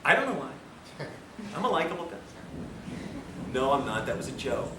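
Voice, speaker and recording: Male health lecturer, animated storyteller, recorded on a far mic with faint hiss. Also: mid-range voice, normal speed, echoey room. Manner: animated, self-mocking storyteller. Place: lecture room with audience.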